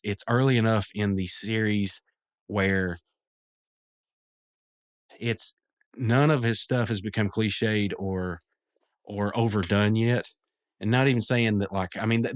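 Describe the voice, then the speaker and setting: A man hosting a podcast, casually recapping a cartoon episode in a rambling way, laughing often and quickly quoting lines in other voices. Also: lowish voice, no echo, studio quality.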